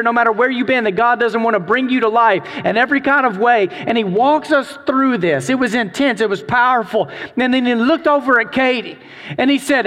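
A middle-aged man preaching a sermon, telling a story with animated delivery and acted-out voices. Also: high-pitched, in a large hall. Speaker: pastor.

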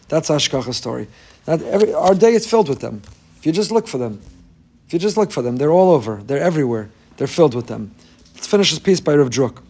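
A man's voice: fairly high pitch, darkish tone. A man giving an impassioned daily religious talk as a rabbi, emphatic and repeating phrases for stress, with Hebrew and Yiddish terms in his English.

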